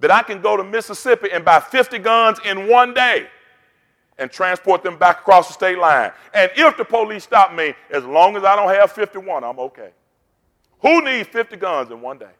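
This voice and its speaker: A man's voice: high-pitched, animated, moderate pace, fairly bright tone. Man preaching in a reverberant church hall. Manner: rousing, call-and-response preaching. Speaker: pastor. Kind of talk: sermon.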